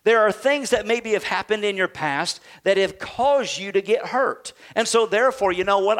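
High-voiced preaching man. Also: normal speed, few pauses. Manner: call-and-response preaching, rising to shouts. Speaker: pastor. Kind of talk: sermon.

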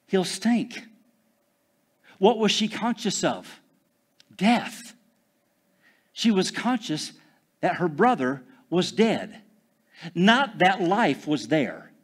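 A man preaches with a voice that sits a little high for a man and climbs into loud proclamations before dropping to a hush. He stretches key phrases slowly and keeps calling out to his congregation for an answer. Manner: dramatic swings from loud preaching to hushed, drawn-out phrases; calls out for congregation responses. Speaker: pastor. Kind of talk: sermon.

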